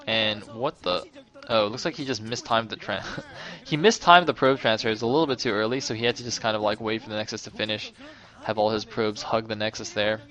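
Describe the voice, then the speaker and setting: Chatty man casting a game. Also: on the low side. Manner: chatty and self-correcting, grows loud and excited in tense moments. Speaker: esports caster. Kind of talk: casual play-by-play game commentary.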